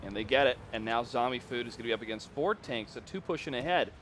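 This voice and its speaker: A man's voice: medium pitch, animated, quick pace, a bit bright, a little hiss or hum. A man doing live color and play-by-play commentary for an esports tank match, joking and laughing between calls. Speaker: esports caster.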